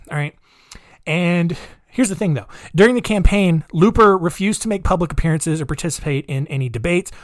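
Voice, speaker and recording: A man's voice: on the high side, no echo, studio quality. Chatty, sarcastic male podcast host. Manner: chatty, rambling, sarcastic asides. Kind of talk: casual comedic monologue.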